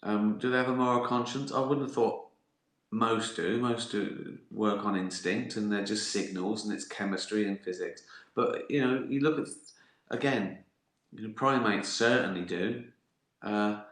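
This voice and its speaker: A man's voice: on the low side, fairly even intonation, measured pace, a bit bright, roomy sound. A man hosting a casual live-stream Q&A, reading out viewer questions and answering them with jokes and swearing. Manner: sweary, jokey and teasing.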